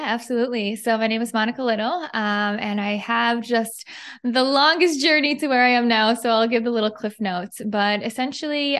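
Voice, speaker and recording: A woman coach appears as a podcast guest with a slightly high voice. She talks in a friendly, eager, conversational manner. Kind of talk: casual podcast interview.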